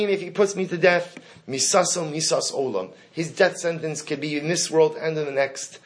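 A man with a fairly high voice leads a Talmud class. He reads each passage, then translates and explains it, and he keeps turning to his students with questions. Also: fast. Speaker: Torah teacher.

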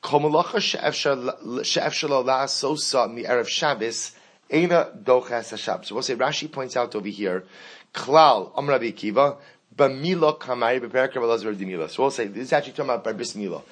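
A man's voice: mid-range voice, fast, fairly bright tone. A man teaching a Talmud lesson, switching between Hebrew and English, repeating key phrases and asking rhetorical questions.

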